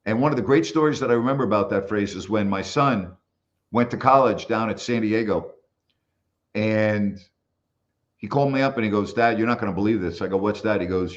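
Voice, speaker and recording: A man's voice: lowish voice, fairly quick, highs cut off. An older man, a former basketball broadcaster, telling stories in a casual interview and acting out the people he quotes. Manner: animated storyteller who acts out quoted voices.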